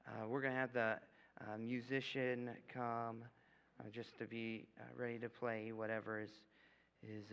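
A man's voice: medium pitch, fairly bright tone, clean tone. Young man preaching in a dull echoey hall. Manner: casual, joking, frequent "okay?" asides. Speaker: guest preacher. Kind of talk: sermon with altar call. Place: church sanctuary.

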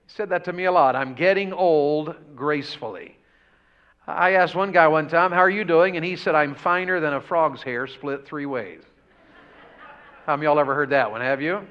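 A man's voice: a little high, a little fast, clean tone. A man preaching a revival sermon, folksy and full of questions to the congregation. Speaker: pastor. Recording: dull lo-fi church audio.

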